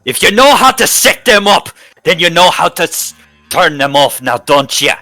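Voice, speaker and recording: A cocky half-elf bomb expert with a thick Scottish accent and a high, loud, teasing bark, voiced by a man at the table. He rides over objections with mocking questions, and music plays faintly behind him. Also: big pitch swings, normal speed, heavily acted.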